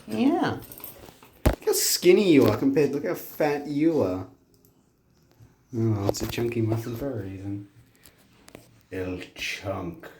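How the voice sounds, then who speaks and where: Woman, very low voice, lively swoops into high baby talk for her birds, slow and easy pace, casual pet vlog. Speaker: pet bird owner filming her budgies. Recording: echoey room, steady background noise.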